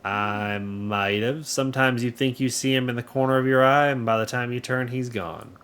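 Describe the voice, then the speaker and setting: A grieving frontier mother who muses slowly and speaks softly, read aloud by a man. The voice stays fairly low, with a faint hum of noise behind it. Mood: wistful.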